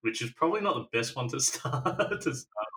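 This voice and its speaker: A man's voice: medium pitch, expressive, normal speed, sharp tone, distant mic. A man co-hosting a casual podcast, rambling and hesitant with many restarts. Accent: non-American. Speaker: podcast co-host. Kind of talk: casual chat.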